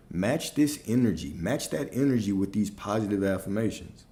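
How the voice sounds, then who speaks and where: Deep mellow guy hyping up affirmations, repeats stuff with punch. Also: fairly quick, few pauses. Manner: emphatic, repeats affirmations with rising intensity. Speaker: spiritual coach. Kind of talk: motivational talk on affirmations.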